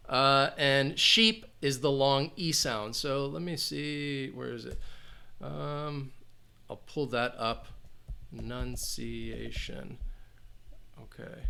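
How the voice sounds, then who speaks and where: An American man hosts a live English lesson, answering questions in a relaxed, meandering way full of ums and restarts. His voice is bright and forceful, pitched a little high. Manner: casual, thinking aloud, many fillers and restarts. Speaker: English teacher.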